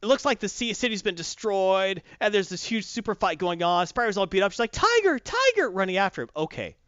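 A man's voice: high voice, fast talker, fairly bright tone, smooth, no echo. A man giving a blunt, profane, mocking review of a comic book in casual chat. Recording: dull dry close-mic sound.

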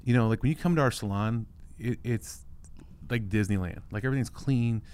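A man's voice: medium pitch, brisk, a little mellow, clean tone. A man in his forties co-hosting a casual business talk, joking around and acting out little bits of dialogue. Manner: joking, puts on silly voices for bits. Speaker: podcast co-host, salon owner. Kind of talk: casual chat.

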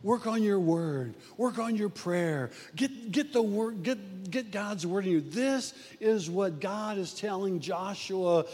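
An older man with a high voice preaches to his church, folksy and storytelling, stumbling over repeated words. His voice rings out with a long reverb, as in a big hall. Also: slow, hardly any pauses, darkish tone, husky. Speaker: pastor. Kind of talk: sermon.

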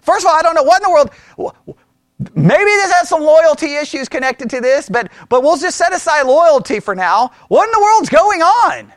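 Animated male Bible study leader. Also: very high-pitched, brisk, no echo, studio quality. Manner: animated, questioning, thinks aloud with many restarts. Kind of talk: casual Bible study teaching.

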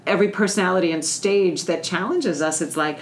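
A woman's voice: fairly low pitch, fairly quick, slight background noise. A woman who works as a teacher, hosting a casual chat and responding in a supportive, reflective way. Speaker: host, teacher.

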